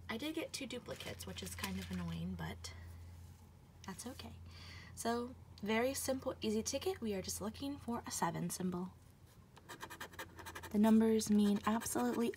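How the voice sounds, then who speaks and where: A woman filming a casual vlog as she plays scratch-off tickets, gasping, laughing and slipping into whispers as she gets excited. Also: medium pitch, a little fast, a little hiss or hum. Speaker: lottery scratch-off vlogger. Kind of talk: casual chat to camera.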